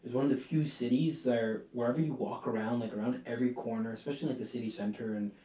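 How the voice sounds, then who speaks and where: A young man hosting a podcast in casual chat, relaxed and filler-heavy. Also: mid-range voice, quick pace. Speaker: podcast host. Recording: roomy and distant with faint noise.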